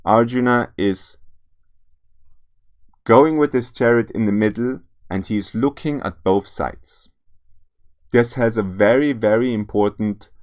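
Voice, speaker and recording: A man giving a spiritual lecture, speaking earnestly and directly to his listeners, often restarting and repeating words as he goes. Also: fairly low pitch. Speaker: spiritual teacher.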